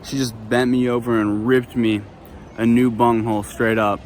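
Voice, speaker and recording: A man's voice: mid-range voice, little pitch movement, normal speed, darkish tone, a little hiss or hum. A young man vlogging, telling a story to camera in a casual, profane way full of "like" and "dude". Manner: laid-back, profane, heavy on "like" and "dude".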